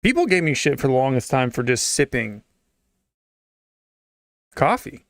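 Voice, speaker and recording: A man's voice: medium pitch, very animated, a little slow, no echo, clean studio sound. A man giving casual reaction commentary, blunt and sarcastic, swearing freely. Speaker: streamer reacting to videos.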